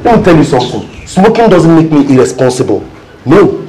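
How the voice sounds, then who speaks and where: A man's voice: on the high side, sing-song, a little fast, dark tone, reverberant, slight background noise, low-quality recording. An actor with a Nigerian accent playing a cocky student who mocks his friend in pidgin. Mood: mocking. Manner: mocking, pidgin banter. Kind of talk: Nollywood film acting.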